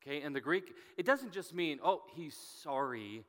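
A man's voice: on the high side, expressive, normal speed, fairly bright tone. A man preaching a sermon, telling a Bible story and reading scripture aloud with rising emphasis. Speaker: pastor. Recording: long hall reverb.

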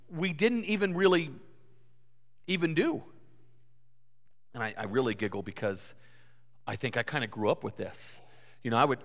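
A man preaching a sermon in a church, telling stories in an animated way and often repeating his words. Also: a little high. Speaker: pastor. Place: church sanctuary. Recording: reverberant church hall.

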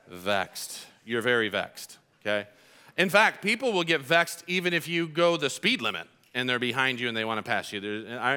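A man preaching a sermon in church with a bright, forceful voice pitched a little high. He keeps it conversational and humorous, slipping into quick acted-out quotes. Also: smooth. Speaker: pastor.

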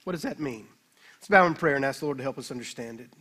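A man pastor preaching a sermon, emphatic, with slow dramatic scripture readings. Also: high-pitched, sharp tone.

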